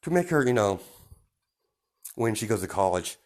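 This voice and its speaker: Man narrating a fan story, rambling, lower voice, casual. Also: very animated, normal speed. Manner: rambling, many fillers and restarts.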